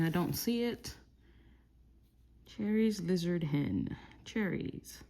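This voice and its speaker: A woman from Texas calmly murmuring through lottery scratch-off tickets, slowly listing each symbol as she checks. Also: medium pitch, vocal fry. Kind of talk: calm scratch-off play-by-play.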